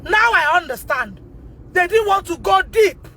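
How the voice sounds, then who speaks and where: A Nigerian mother records herself on her phone in a car, her voice very high and sharp. She pleads, repeats her words and rises to shouts in distress. A faint hum of traffic sits behind her. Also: lively intonation, measured pace. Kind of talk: emotional self-recorded video.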